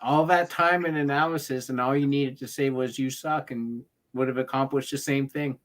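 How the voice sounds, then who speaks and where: A man in a mid-range voice co-hosts a loose conversation, giving strong opinions bluntly. He stumbles over his words at the start of sentences and tosses in quick asides. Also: mid-range voice, steady tone, a bit bright. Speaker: co-host. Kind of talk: casual chat.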